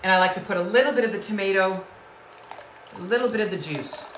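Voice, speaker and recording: With a mid-range, expressive voice and a fast pace, a woman runs a live-stream cooking show from her home kitchen. The audio is echoey with a slight hiss or hum, and she warmly greets viewers by name, calling them sweetheart and lovies.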